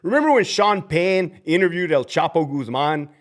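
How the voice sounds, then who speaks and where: Guy ranting on his livestream, swears a ton, voice sits a bit high and jumps all over. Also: animated, normal speed. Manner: profane, fired-up and blunt; acts out quoted people with big pitch jumps. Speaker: livestream host and prison guard. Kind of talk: live-stream rant.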